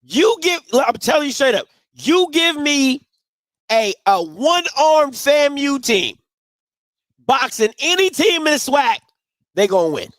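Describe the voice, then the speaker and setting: Guy doing postgame sports talk, really animated pitch, dry close sound, keeps repeating himself. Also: slow, no echo. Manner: emphatic, repeats himself, breaks into laughing fits. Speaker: sports show host.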